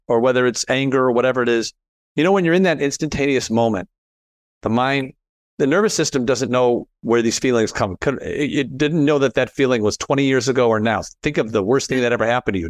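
A man hosting a casual conversation, telling personal stories with animated quoted dialogue. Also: no echo, clean studio sound. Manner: animated storyteller, rises in pitch acting out quotes.

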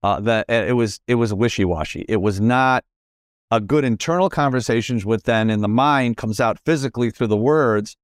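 A man's voice: mid-range voice, moderate pace, no room sound. Dry-sounding man telling stories. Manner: storytelling, animated quoting of others. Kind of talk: casual conversation.

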